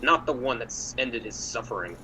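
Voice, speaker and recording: A man gives voice to a priest in a tabletop game whose anger stays tightly held. He speaks quietly and in a clipped, controlled way. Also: medium pitch, animated, fairly quick, slight background noise, rough recording. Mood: angry. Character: angry, restrained male priest.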